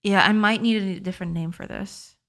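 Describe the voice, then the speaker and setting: A woman's voice: medium pitch, fairly even intonation, brisk, a bit bright. A woman game developer, heard through a voice changer, thinking aloud and explaining code step by step in a casual, giggly live-stream chat.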